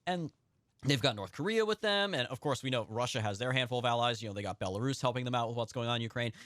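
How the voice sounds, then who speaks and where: A man hosts a political podcast and talks very fast, piling up points with emphatic energy. His voice sits at a middling pitch. The sound is close and dry with almost no room echo. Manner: rapid, emphatic, lively delivery. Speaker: podcast host.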